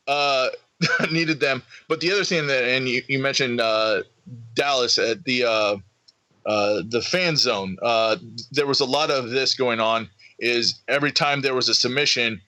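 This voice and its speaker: Excitable man telling a story. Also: mid-range voice, unhurried, dry recording, poor audio. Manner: excitable storyteller, acts out crowd voices. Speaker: podcast co-host. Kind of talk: casual chat.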